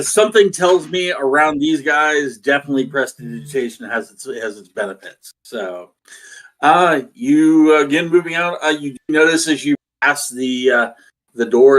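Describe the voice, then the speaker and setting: A man narrating as dungeon master, casual and prone to quick restarts. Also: mid-range voice, fairly bright tone, poor audio. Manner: loose, stammering restarts. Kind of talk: narrating a tabletop game.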